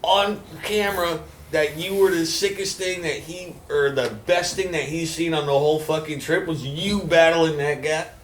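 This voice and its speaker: A man reminiscing in casual chat, excited and profane. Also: a little high, moderate pace, hardly any pauses. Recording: roomy echo with faint noise.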